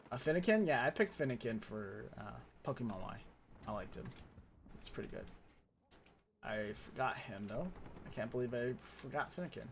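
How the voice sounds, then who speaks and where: A man talking casually over his own gameplay, chatty and self-mocking, with sudden loud bursts of frustration. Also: mid-range voice, animated, normal speed, vocal fry, slight background noise. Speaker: gaming streamer.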